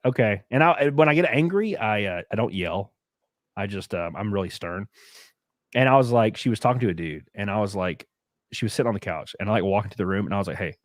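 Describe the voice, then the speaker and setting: Open-hearted man, low voice, dry sound. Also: dry recording. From United States. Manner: candid, rambling storytelling with many fillers. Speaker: podcast host. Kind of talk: casual chat.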